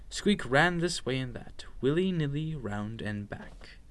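A man reading a children's picture book aloud in an expressive, playful, sing-song way. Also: medium pitch, normal speed, hardly any pauses. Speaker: storyteller.

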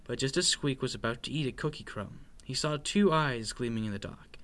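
A man reading a children's picture book aloud in an expressive, playful, sing-song way. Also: mid-range voice, moderate pace, hardly any pauses. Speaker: storyteller.

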